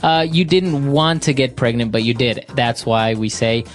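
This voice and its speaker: A man's voice: mid-range voice, moderate pace, faint music behind. Man co-host guiding an English lesson. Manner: asks questions and sums up points. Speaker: podcast co-host.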